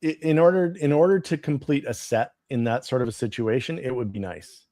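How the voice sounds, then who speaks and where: A man's voice: medium pitch, fairly quick, mellow, no echo, studio quality. Rambling man co-hosting a chat. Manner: hesitant, rambling, lots of ums and restarts. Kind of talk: casual chat.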